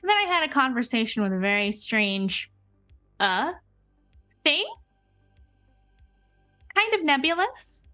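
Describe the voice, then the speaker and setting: A woman with a higher, bright, sharp voice talks casually as a player in a tabletop role-playing game. She is animated and chatty, laughing often and quick to apologize. Her voice is close and dry, with faint music behind. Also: no echo. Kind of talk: casual tabletop play and chat.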